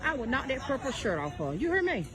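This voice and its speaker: High, exasperated woman filming on a phone. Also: big pitch swings, fast, a crowd in the background. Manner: loud, exasperated, exclaiming to viewers. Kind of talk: exclaiming while filming a phone video.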